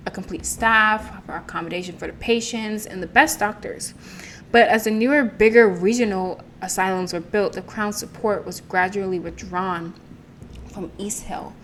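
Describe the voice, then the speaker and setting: A woman's voice: medium pitch, a bit bright, slight background noise, lightly acted. A woman reading a tired asylum caretaker. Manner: plain explanatory reading.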